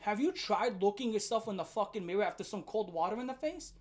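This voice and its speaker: A woman's voice: mid-range voice, expressive, fast, a little mellow. A woman delivering an angry, profane rant commentary, heated and mocking as she tears into her subject. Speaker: online commentator.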